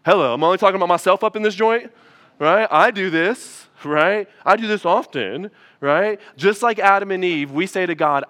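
A man preaching a sermon in a loose, chatty way, turning often to the congregation with quick asides. His voice sits a little high and rings bright and forceful. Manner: casual, conversational preaching with frequent asides to the congregation. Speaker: pastor. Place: church.

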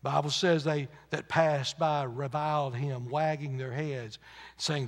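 A fairly high-voiced man preaches a sermon from the pulpit. He drives his points up into loud, emphatic runs, then drops to hushed asides. His voice rings out with a long church reverb. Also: fairly even intonation, a little slow.

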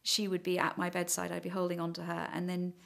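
A woman's voice: lowish voice, completely flat delivery, fast talker, vocal fry. Hesitant, reflective woman. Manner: hesitant, reflective, many fillers and "sort of". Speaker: interviewee. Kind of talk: personal account in conversation.

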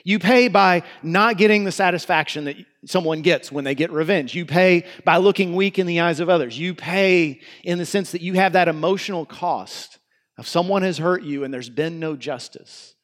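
A man preaching a sermon as a pastor. He mixes slow, deliberate scripture reading with conversational asides. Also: fairly high pitch, a bit bright, in a large hall. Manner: slows down to read scripture aloud, conversational asides.

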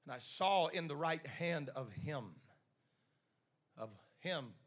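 A man's voice: a little high, animated, slow, a bit bright. A man preaching a sermon who retells scripture dramatically and calls on the congregation to answer back.

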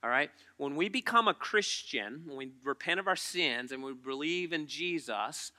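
A man preaches a sermon to his church in a high-pitched voice. His tone is crisp and very bright, almost piercing. He keeps it conversational, turning to the congregation with quick questions. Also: expressive. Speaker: pastor. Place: church auditorium.

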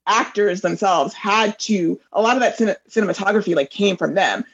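A man's voice: high-pitched, normal speed, a bit bright, husky. A man on a film podcast who explains production details in a casual way, recorded on a dull, lo-fi mic. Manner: explanatory, adds facts.

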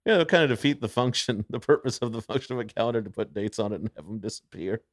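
A man's voice: lowish voice, lively intonation, fast talker, dry recording, studio quality. A man, a comedian guest on a podcast, chatting in a laid-back way with short interjections. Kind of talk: casual chat.

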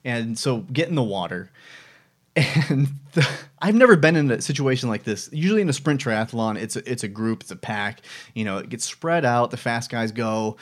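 A man's voice: mid-range voice, lively intonation, normal speed. A man in his thirties hosting a casual personal vlog, talking reflectively with many fillers and restarts. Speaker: vlog host.

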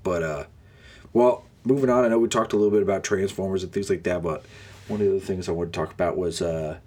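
Young male podcast host, low husky voice, sarcastic griping monologue. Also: fast talker, a little mellow. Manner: sarcastic, groaning complaints. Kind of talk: casual ranting monologue.

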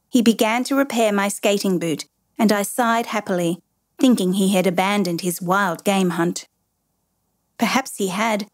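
A woman narrating a children's story in a measured, gently expressive reading. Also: medium pitch.

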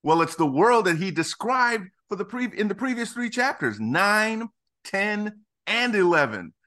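Middle aged guy, kinda high voice, preachy and emphatic, telling stories on a podcast. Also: measured pace. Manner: emphatic, animated storytelling. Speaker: ministry founder, guest. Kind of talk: conversational podcast interview, preacherly.

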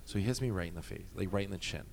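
A man telling a story in casual chat, animated and profane, often laughing. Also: deep voice, racing, slight background noise.

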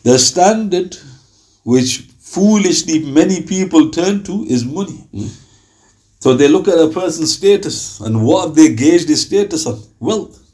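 A man's voice: a little high, animated, measured pace, dark tone. A man giving an informal Islamic talk, talking conversationally and acting out little dialogues with rhetorical questions. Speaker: Islamic preacher.

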